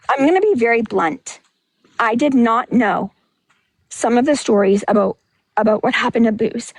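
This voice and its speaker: A woman's voice: fairly high pitch, dry recording. A woman talking bluntly and emotionally on a livestream, rambling and restarting, a bit out of breath. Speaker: livestream host. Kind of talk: candid livestream monologue.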